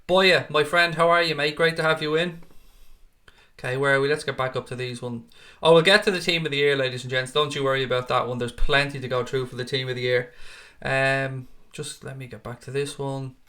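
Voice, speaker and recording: A man's voice: mid-range voice, fairly even intonation, fairly quick, bright, forceful tone. A young man hosting a live football stream from a home green-screen studio, greeting viewers by name and reading their comments aloud. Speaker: livestream host.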